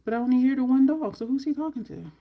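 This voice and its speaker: A woman's voice: high-pitched, fast, phone-quality sound. A woman chatting casually through a makeup tutorial at home, rambling into side stories as she goes. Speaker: makeup vlogger.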